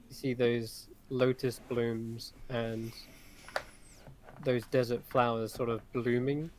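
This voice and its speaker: A man narrating a tabletop game as game master, describing scenes in an unhurried, descriptive way. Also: medium pitch, slight background noise, poor audio.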